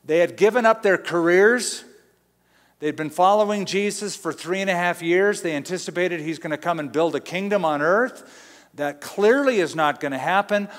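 A middle-aged man from Southern California preaches in a relaxed, conversational way, slipping into little acted-out quotes as he tells stories. His voice sits slightly high for a man. It rings out with the long reverb of a large church hall. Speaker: pastor. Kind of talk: sermon.

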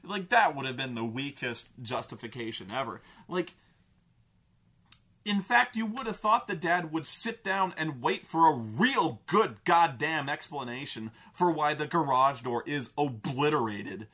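A man's voice: fairly high pitch, lively intonation, unhurried, pushed and bright, slightly rough. Exasperated, profane vlogger man. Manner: exasperated, profane, rambling with many fillers. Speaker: vlogger, film reviewer. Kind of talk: casual rant.

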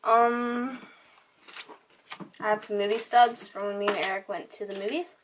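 A woman's voice: mid-range voice, steady tone, moderate pace, background noise. A teenage girl talking through her things in a casual, rambling show-and-tell chat, with lots of "like" in her speech. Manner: chatty, rambling, heavy use of "like". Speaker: vlogger. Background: crying children.

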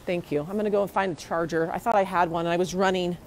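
A woman's voice: fairly low pitch, steady tone, fast talker, slight background noise, rough recording. Indignant young woman livestreaming on a phone. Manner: indignant, agitated, repeating herself. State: hurried, walking outdoors. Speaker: citizen livestreamer. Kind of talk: live phone stream. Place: outdoors near a courthouse. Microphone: phone held in hand.

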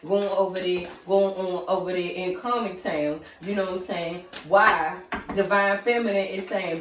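A woman's voice: fairly low pitch, steady tone, normal speed, hardly any pauses, roomy sound, recorded from a distance, background noise. A woman giving a casual tarot reading in a sassy, slangy way, talking straight to the viewer as "girl". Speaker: tarot reader.

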